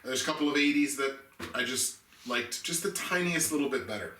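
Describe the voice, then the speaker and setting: A man co-hosting a casual movie chat, excitable and laughing, with many restarts. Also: mid-range voice, brisk, echoey room, recorded from a distance, slight background noise, low-quality recording. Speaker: podcast co-host ranking movies.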